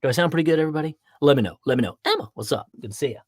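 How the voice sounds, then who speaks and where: A man's voice: a little high, expressive, racing, a little mellow, no room sound, clean studio sound. A man hosting a casual livestream podcast, playful and jokey, greeting viewers by name as he chats. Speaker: podcast host.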